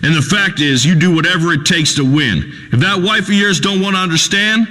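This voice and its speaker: An actor playing a crude, boastful redneck talk radio host in a video game, ranting in a folksy drawl. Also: male voice, high-pitched, lively intonation, a little fast, big-room sound. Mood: preachy. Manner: loud folksy swaggering rant, Southern drawl.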